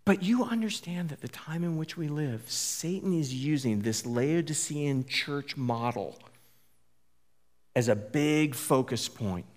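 A man's voice: fairly high pitch, expressive, slow pace, a little mellow. A pastor giving a conversational sermon, often restarting phrases and asking his listeners questions. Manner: informal, repeats words, asks the listeners questions.

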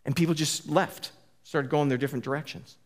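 A man's voice: fairly high pitch, fairly even intonation, a little fast. Man preaching in a chatty, searching way. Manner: informal, repeats words, asks the listeners questions. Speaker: pastor. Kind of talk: conversational sermon.

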